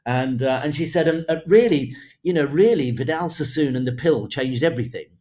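A man's voice: on the high side, brisk, warm tone. A man, a hairdressing creative director, telling an anecdote in an interview, laughing between phrases and acting out the quotes.

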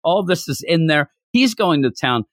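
A man hosting a podcast, recapping a comic-book chapter with animated storytelling. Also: a little high, normal speed, no echo, clean studio sound. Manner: animated storytelling, acting out lines. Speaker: podcast host.

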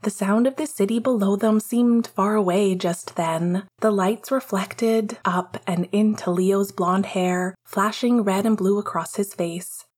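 A woman narrating a work of fiction aloud, in a gentle, measured storytelling manner. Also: mid-range voice, fairly even intonation, slightly rough.

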